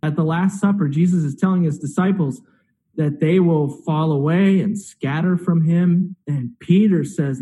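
A man's voice: a little high, unhurried, mellow, rough recording. A man preaching a sermon, retelling a story with acted-out quotes and rhetorical questions. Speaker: pastor.

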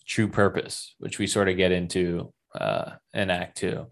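A man with a fairly low voice, talking through a movie in casual chat. He keeps it easygoing and drops in jokes as he goes. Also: fairly even intonation, unhurried, creaky.

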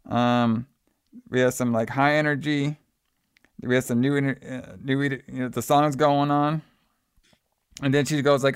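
Brief: male podcast host, gravelly yet smooth voice, dry booth sound, easygoing recap. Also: mid-range voice, flat delivery, unhurried, long pauses, no room sound. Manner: laid-back, rambling, laughs often. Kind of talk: casual chat.

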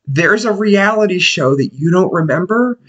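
A man's voice: high-pitched, lively intonation, normal speed, fairly bright tone, dull audio. A man telling a story in casual, profane chat and acting out the people in it.

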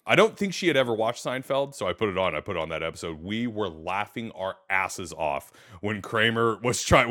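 A man in his thirties with a low voice hosts a relaxed podcast chat. His pitch swings widely as he tells stories, and he laughs often along the way. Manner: animated storyteller, laughs often. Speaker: podcast host.

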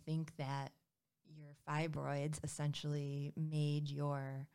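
A woman's voice: low voice, little pitch movement, slow, warm tone, clear, resonant tone. A woman in her thirties telling a personal story in a candid, conversational way, with many fillers and quoted dialogue.

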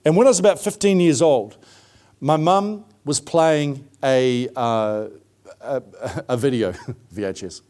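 A man's voice: mid-range voice, a little slow, darkish tone. A middle-aged man preaching a sermon, telling his own story in a conversational way with frequent fillers.

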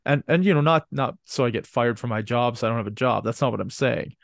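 A man's voice: mid-range voice, fast, gravelly, no room sound, clean studio sound. Male co-host with a mid-range voice, a profane, rambling storyteller. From Canada. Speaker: podcast co-host. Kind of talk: casual chat.

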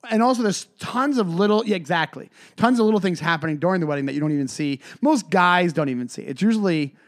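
A man with a high, very lively voice co-hosting a casual podcast. He teases his co-host, laughs often, and jumps in with reactions and stories of his own. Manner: teasing, quick to laugh. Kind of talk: casual chat.

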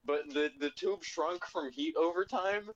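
A young man with a fairly high voice rambles through a funny story, stumbling over fillers and laughing as he goes. The recording is dull and lo-fi. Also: a little slow. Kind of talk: casual chat. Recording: dull lo-fi sound.

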